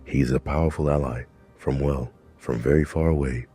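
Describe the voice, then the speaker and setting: Brief: a man doing a determined young prince in an audiobook-style story; low, dark voice. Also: steady tone, moderate pace, soft background music. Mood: earnest. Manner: earnest and determined. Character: young exiled prince, earnest and remorseful.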